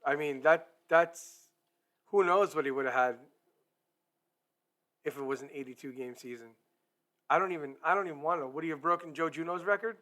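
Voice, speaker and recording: A man hosts a live hockey talk stream, upbeat and chatty as he speaks straight to the people watching. His voice sits a bit higher than most men's. He comes through a streaming microphone. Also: brisk, pauses often, pushed and bright. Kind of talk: casual live-stream chat.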